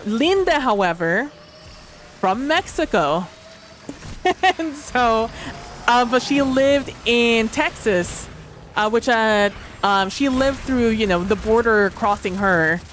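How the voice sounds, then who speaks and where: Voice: mid-range voice, expressive, slow pace, fairly bright tone, slight background noise. A tabletop role-play player reflecting casually on a livestream, rambling with many fillers and frequent laughter.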